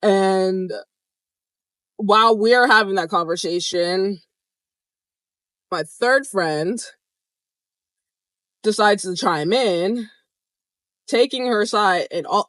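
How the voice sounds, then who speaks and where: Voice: medium pitch, slow, pauses often, fairly bright tone, no room sound. Young adult vlogger, casual storytelling, candid and profane, mid-range voice, dead-dry room. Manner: candid, swears freely, laughs while retelling.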